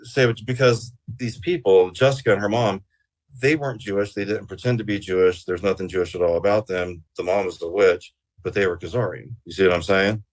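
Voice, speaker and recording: A man's voice: sits low, steady tone, brisk. A man guest on an interview show, telling a rambling story casually with plenty of swearing and fillers. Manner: rambling and profane, with many fillers.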